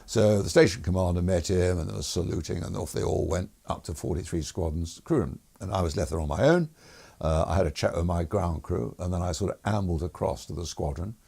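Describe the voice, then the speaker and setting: A deep, gravelly older man recounts his flying days in an easy interview manner. His husky voice is full of fillers, restarts and chuckles. He sounds unhurried and conversational. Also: mellow. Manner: chuckles through stories, many fillers and restarts. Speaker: retired air force officer guest. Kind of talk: relaxed anecdotal interview.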